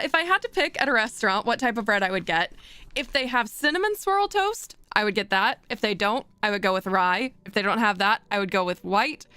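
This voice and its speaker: A woman streaming as a VTuber rambles casually, thinking aloud as she works and laughing often. Her slightly high voice is pushed, bright and smooth, on a dry recording.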